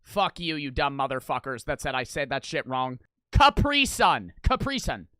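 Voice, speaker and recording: A young man casually reacting to old TV commercials, swearing freely and breaking into loud, incredulous outbursts. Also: mid-range voice, lively intonation, normal speed, clean tone, no echo.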